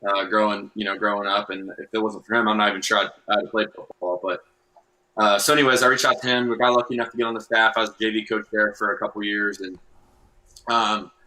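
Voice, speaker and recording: Relaxed young football coach, low bright voice. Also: male voice, quick pace, low-quality recording. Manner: relaxed, explains step by step with fillers. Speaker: high school football coach. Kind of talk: casual podcast interview.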